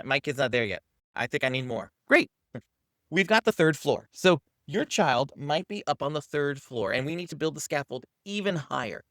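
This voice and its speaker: A man's voice: on the high side, a bit bright, no echo, studio quality. A man hosting a parenting channel, teaching to camera in an upbeat coaching manner and acting out what to say to a child.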